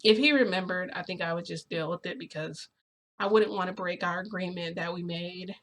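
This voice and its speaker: A woman vlogger casually telling her viewers a long personal story, chatty and full of fillers, getting excited as she goes. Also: fairly low pitch, fairly quick. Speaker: vlogger recounting a reality shift.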